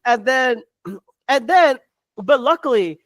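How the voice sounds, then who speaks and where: A podcast co-host delivering a heated sports rant, swearing and tripping over restarts while talking fast. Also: high voice, animated, no echo.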